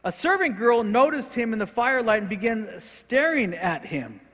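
A male pastor preaching a sermon in earnest, swinging between forceful emphasis and quiet, with frequent repeated words. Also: sits high, big pitch swings, normal speed. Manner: earnest preaching, rising in intensity and dropping to soft, repeated words. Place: church sanctuary. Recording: hall reverb.

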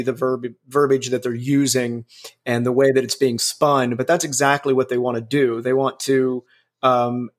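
A gravelly-voiced man in his forties talks casually and bluntly at a middling pitch. He swears freely and rambles, restarting his sentences often as he works through his opinions. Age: 40s.

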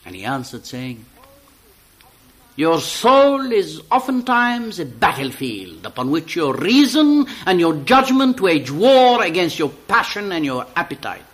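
A man giving an expressive poetry reading, slow and deliberate, rising to loud, high emphatic peaks. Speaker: poetry reader.

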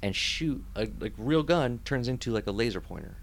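A young adult man co-hosting a podcast, telling stories in animated, joking bursts with laughs. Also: mid-range voice, normal speed, gravelly, a little hiss or hum. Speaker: podcast co-host. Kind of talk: casual chat.

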